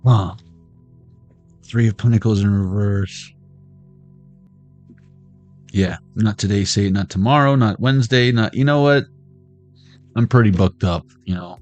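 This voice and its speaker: Rambling low-voiced man reading tarot. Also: a little slow, pauses often, a little mellow, soft background music. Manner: jokey, tangential, talks to viewers. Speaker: tarot reader.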